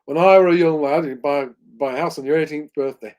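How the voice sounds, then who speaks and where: Guy doing a bad yorkshire accent, old northern fella going on about the old days, a bit louder and higher. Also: steady tone, fast, natural voice. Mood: reminiscing. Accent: exaggerated Yorkshire. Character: nostalgic old northern man reminiscing.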